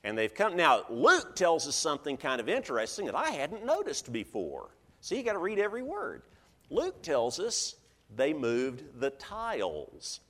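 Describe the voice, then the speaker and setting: Male preacher, very expressive storyteller, echoing church hall sound. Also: a little high, normal speed. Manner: animated storytelling, acting out voices of listeners. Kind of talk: sermon.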